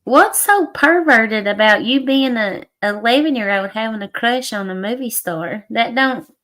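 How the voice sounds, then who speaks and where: A woman's voice: fairly high pitch, expressive, measured pace, fairly bright tone. Blunt Southern woman ranting. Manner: blunt, profane, dialect-heavy ranting. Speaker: livestream co-host. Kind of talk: casual livestream chat.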